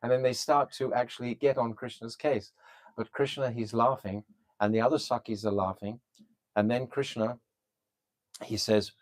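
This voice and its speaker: A man tells a sacred tale in a spiritual talk, and his voice sits at an ordinary middle pitch. He moves quickly between narration and quoted lines and often stops on an um or a restart. The sound is dry and close, with no room around it. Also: no room sound. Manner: animated storyteller with frequent fillers and restarts. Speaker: spiritual teacher. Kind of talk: devotional storytelling talk.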